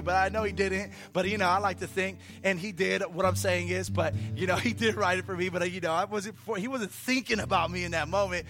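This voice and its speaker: A man preaching a conversational sermon in a church, telling a story in an animated way with playful asides. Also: sits high, brisk, few pauses, faint music behind. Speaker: pastor.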